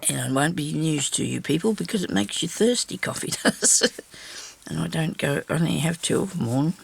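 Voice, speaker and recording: A woman's voice: low-pitched, lively intonation, moderate pace, creaky, husky. An older woman hosting a craft video, chatting casually and rambling, talking to herself as she works at her craft table at home. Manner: rambling, talks to herself while working. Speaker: craft channel host.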